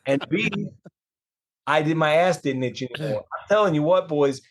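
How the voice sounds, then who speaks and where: A man's voice: a little high, moderate pace. Profane man spinning a comic anecdote. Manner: profane, animated anecdote telling. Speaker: band member guest. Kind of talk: crude comic storytelling.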